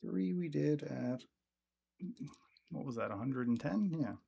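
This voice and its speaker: A man's voice: medium pitch, lively intonation, measured pace, creaky, mellow, husky, lo-fi sound. A man teaching guitar on a live stream, casual and rambling, with many ums.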